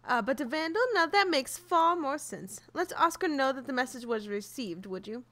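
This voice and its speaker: A woman's voice: sits high, expressive, normal speed, fairly bright tone. Max, a fussy British townsman, as a woman puts him on. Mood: dry.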